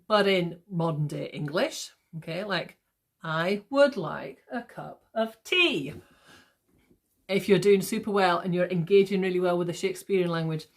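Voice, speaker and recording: Teacher, woman, slightly low voice; casual lesson delivery, drags out words to stress the beat. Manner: slow, exaggerated stress when demonstrating rhythm; frequent checking "okay?". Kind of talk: recorded lesson to students.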